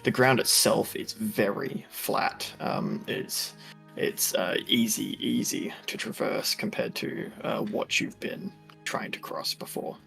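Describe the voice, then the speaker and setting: A man runs a tabletop game at an unhurried, drawn-out pace, his voice rough with fry. He narrates haltingly, peppering every phrase with ums and uhs, while faint music plays behind. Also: fairly low pitch, a bit bright. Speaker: game master.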